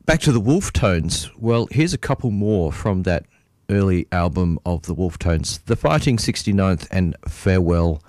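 A man's voice: sits low, expressive, measured pace, a little mellow, no echo, clean studio sound. A man hosting a community radio music show, chatting casually with many fillers and restarts. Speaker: radio host. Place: radio studio. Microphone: studio mic.

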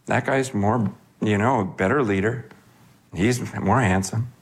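A man preaching a sermon in a conversational, animated way, acting out quoted voices. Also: on the low side, measured pace, slightly rough.

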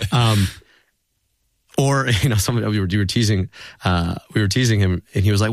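Man, interview guest, deep voice, gravelly, earnest, reflective, dry close sound. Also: moderate pace, dry recording. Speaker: guest, politician. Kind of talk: conversational interview storytelling.

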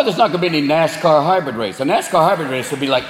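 A man doing crude, animated stand-up comedy on a live stage. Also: on the high side, very fast, slight background noise. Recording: live hall echo, loud crowd.

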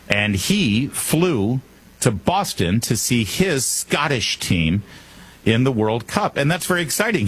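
A man's voice: mid-range voice, husky. A man hosting a talk radio show, delivering a comedic monologue full of sarcastic jokes and wry asides.

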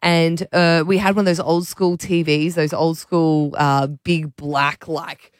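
An Australian morning radio host telling a story, animated and rambling, on a studio microphone. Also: mid-range voice, slow, smooth, no room sound. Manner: animated, rambling, lots of fillers and laughs.

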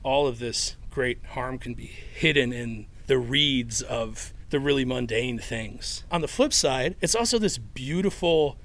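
Wry, amused Chicago podcaster. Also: male voice, medium pitch, expressive, unhurried, vocal fry, few pauses, a bit bright. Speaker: podcaster and musician. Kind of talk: casual interview and read-aloud.

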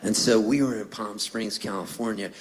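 A middle-aged Canadian man with a lowish voice tells jokey stories on stage between songs at a moderate pace. He's animated and acts out voices as he goes.

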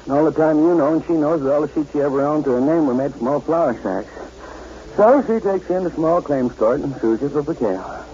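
Casting: man as a fed-up laundry owner, grumbling, mellow voice, lo-fi 1940s radio play. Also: fairly high pitch, brisk, slight background noise, natural voice. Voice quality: grumbling, complaining. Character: weary, grumbling middle-aged laundry owner. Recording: dull old radio broadcast.

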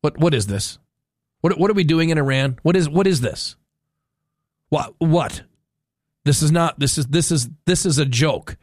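A man's voice: a little high, animated, moderate pace, long pauses, no echo, studio quality. A man hosting a talk radio show, giving an opinionated monologue in an exasperated, incredulous way and stumbling over restarts.

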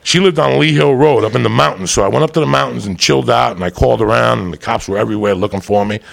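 Gravelly, profane man spinning a story. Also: medium pitch, fast talker. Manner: profane, rambling, laughs while telling.

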